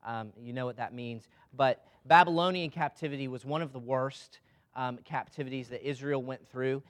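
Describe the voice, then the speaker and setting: A man preaching a sermon in a loose, conversational way, often putting questions to the congregation. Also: a little high.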